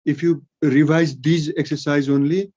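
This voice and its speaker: A man with a Nepali accent teaching English grammar in an online class, dictating sentences slowly word by word. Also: on the high side, level tone, warm tone, muffled recording.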